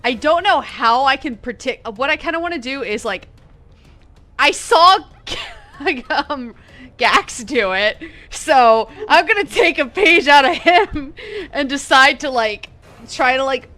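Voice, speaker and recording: A woman's voice: high voice, lively intonation, a little slow, sharp tone, soft background music. A woman playing a tabletop game, thinking aloud with fillers as she plans her move. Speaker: player.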